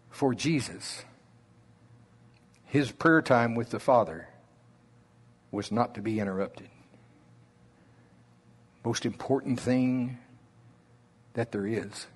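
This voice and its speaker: Slow-drawling Oklahoma preacher, husky. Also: male voice, mid-range voice. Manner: slow, deliberate, conversational preaching. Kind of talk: sermon.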